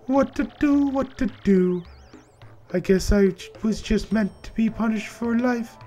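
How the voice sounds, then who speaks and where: A man voicing a timid young female shadow girl who frets softly and apologizes. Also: high voice, a little slow, faint music behind. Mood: distressed. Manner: fretful, soft, apologetic.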